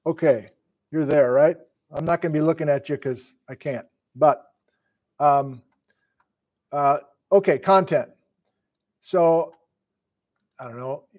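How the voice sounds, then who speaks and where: A man's voice: fairly high pitch, slow pace, long pauses, darkish tone. A middle-aged man from Wisconsin, a sleep-deprived geology lecturer, thinking aloud in a flustered, casual live-stream lesson. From Wisconsin, USA.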